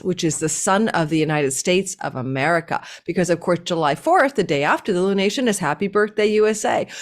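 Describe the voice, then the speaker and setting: A woman hosting her own astrology channel, talking straight to viewers in a lively way, running through lists and leaning hard on key words. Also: lowish voice. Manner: enthusiastic, tumbling lists with sudden stresses. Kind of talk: casual monologue to viewers.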